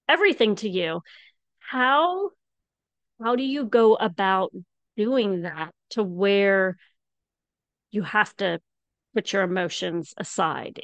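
A woman hosting a podcast, asking earnest, searching questions at an unhurried pace. Her voice is close and dry, with no room sound around it. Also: mid-range voice, no echo, dull audio. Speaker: podcast host. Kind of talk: interview questions.

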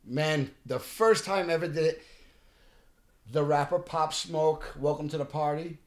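Animated man telling stories. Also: a little high, unhurried. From Bensonhurst, Brooklyn, New York. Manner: animated, restarts often, acts out quotes. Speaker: actor guest. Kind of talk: casual podcast storytelling.

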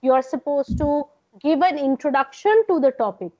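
Female lecturer, Indian English accent, high pitch, insistent and repetitive, dull online-call sound. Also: moderate pace, dark tone. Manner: corrective, repeats points. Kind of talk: online class feedback. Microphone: video call.

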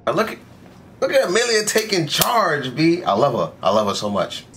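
A man's voice: a little high, wildly swooping pitch, moderate pace, noisy background. A young man giving casual, slang-filled commentary while reacting to an anime episode, talking back at the screen. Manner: slangy, talks back to the screen, says "bro" constantly.

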